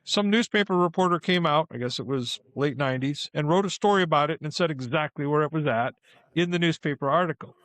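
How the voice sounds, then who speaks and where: A man's voice: on the high side, fast talker, dry recording. A man who works as a ghost tour guide, telling a story casually and acting out the people in it. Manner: animated, acts out the people in his stories.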